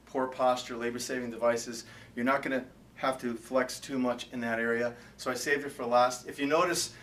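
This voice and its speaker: A man's voice: mid-range voice, recorded from a distance. A male fitness trainer giving workout instruction, counting reps and explaining exercises. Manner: loud counted cues, then calmer explaining. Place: gym. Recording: roomy echo, from off-mic.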